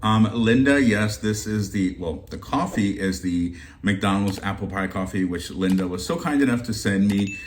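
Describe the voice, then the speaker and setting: A man with a fairly low voice talks in a loose, rambling way, greeting his viewers like friends. He is a shopping deals vlogger chatting casually to camera. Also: normal speed, a little hiss or hum.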